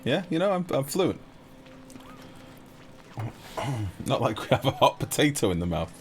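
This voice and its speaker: A man's voice: medium pitch, very animated, measured pace, slight background noise. A man live-streaming a game, joking and teasing his chat in playful banter.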